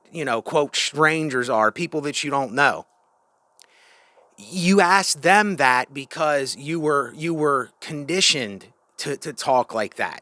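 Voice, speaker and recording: A man's voice: on the high side, pushed and bright, no room sound. A man giving a frank, opinionated monologue in a casual vlog, often restarting and asking rhetorical questions. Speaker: vlogger.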